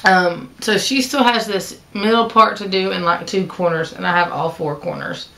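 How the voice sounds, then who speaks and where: This stitching vlogger has a lowish, gravelly voice with a fairly bright tone and speaks at a moderate pace. Chatty and rambling, she keeps restarting sentences with fillers and self-corrections, and she's got the hiccups.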